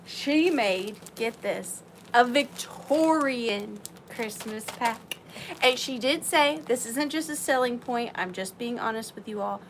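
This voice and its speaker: A woman's voice: on the high side, lively intonation, slow pace. A woman with a Southern US accent hosting a live vintage sale, chatty and bubbly, thanking viewers by name. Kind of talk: casual live-stream selling. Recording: faint room noise.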